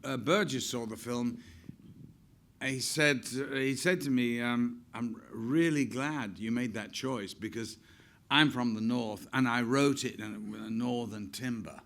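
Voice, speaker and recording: A man's voice: mid-range voice, measured pace, fairly bright tone. An older man, an actor, telling chatty anecdotes on stage with frequent laughs. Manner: chatty, laughs often, acts out quotes.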